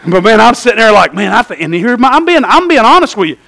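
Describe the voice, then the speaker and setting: High, bright-voiced preacher man. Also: quick pace, gravelly, poor audio. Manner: animated storytelling, calls out "Amen?" to the congregation. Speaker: pastor. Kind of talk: sermon.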